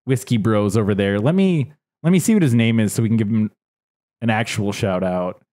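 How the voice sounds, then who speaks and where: A young man co-hosts a podcast, chatting casually in a fairly low, darkish voice at a slightly quick pace. He rambles, restarting sentences often and using lots of fillers.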